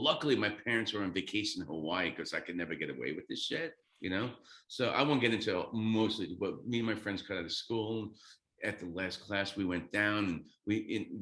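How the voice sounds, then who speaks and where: A man in his fifties, a guest drummer, telling a story excitedly, swearing freely and acting out quotes. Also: sits low, echoey room. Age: 50s. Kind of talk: animated storytelling.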